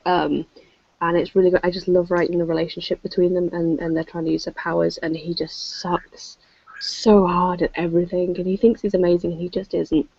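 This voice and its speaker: An English woman chatting on a video call, self-mocking and quick to laugh. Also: lowish voice, level tone, creaky, darkish tone, breathy edge, dry recording. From England. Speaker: show regular. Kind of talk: casual chat on a video call. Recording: dull lo-fi call audio.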